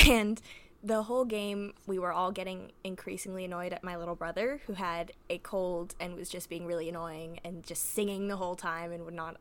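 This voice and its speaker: A woman's voice: on the low side, fairly bright tone. Giggly young woman telling stories. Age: young adult. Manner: giggly, rambling with fillers. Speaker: podcast host. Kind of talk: casual storytelling.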